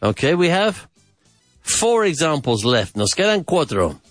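This English teacher runs his podcast grammar lesson in a fairly high voice with big swings in pitch, never rushing. He repeats phrases, drills questions and eagerly tosses in bits of Spanish. The recording is dry, with soft music in the background.

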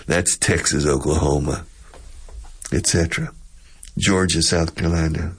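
A man teaches English pronunciation on the radio and often repeats words for his listeners. His voice is very deep, gravelly and husky. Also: steady tone, a little slow, pauses often.

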